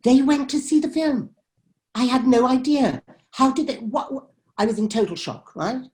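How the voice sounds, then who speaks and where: A woman's voice: high voice, normal speed, a little mellow. A woman documentary filmmaker telling a story in an interview, emphatic and dramatic as she acts out heated exchanges.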